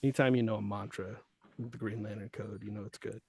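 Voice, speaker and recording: A man's voice: fairly low pitch, fairly even intonation, fast, a little mellow, slight background noise. A male guest voice actor chatting casually on a podcast in a laid-back, surfer-dude way.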